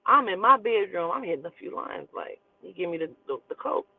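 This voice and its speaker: A woman's voice: mid-range voice, sing-song, a little fast, breathy edge, dry recording. A woman in her forties telling a personal story in a blunt, profane, emphatic way, like a casual storyteller host. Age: 40s. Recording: tinny phone-like, dry sound.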